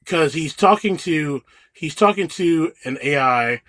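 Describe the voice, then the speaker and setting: A man's voice: on the high side, expressive, a little slow, fairly bright tone. A man co-hosting a podcast, chatting casually and rambling, trailing off with fillers. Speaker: podcast co-host. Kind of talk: casual chat.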